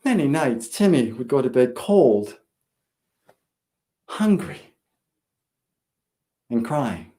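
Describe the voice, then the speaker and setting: A school principal giving a speech, telling a story with dramatic pauses. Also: male voice, medium pitch, big pitch swings, dark tone.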